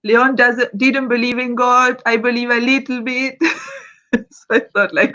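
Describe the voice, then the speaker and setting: A woman who directs a museum, telling an anecdote in a live conversation in a lively way and laughing often. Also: a little high, measured pace, highs cut off. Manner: lively, often laughing as she tells stories.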